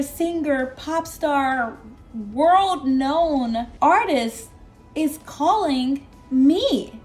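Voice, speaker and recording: A young woman at her desk telling an excited storytime vlog, animated and exclamatory, breaking into laughs and squeals. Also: high-pitched, slow pace, faint music behind.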